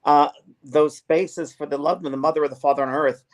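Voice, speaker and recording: A man's voice: fairly high pitch, fairly even intonation, brisk. A middle-aged man, a spiritual medium co-hosting a casual chat, speaking earnestly and with feeling, often voicing what spirits tell him. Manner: earnest, emotional, quotes spirits in their own words.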